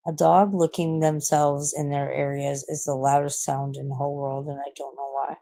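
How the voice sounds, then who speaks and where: A woman's voice: low voice, little pitch movement, normal speed, creaky, hardly any pauses, mellow. A woman in her forties chatting casually on a late-night live stream, rambling, swearing a lot and laughing at herself. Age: 40s.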